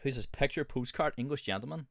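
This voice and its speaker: A man's voice: medium pitch, quick pace, vocal fry, a bit bright, dry recording. A man doing casual gameplay commentary as a streamer, joking, swearing freely and muttering asides.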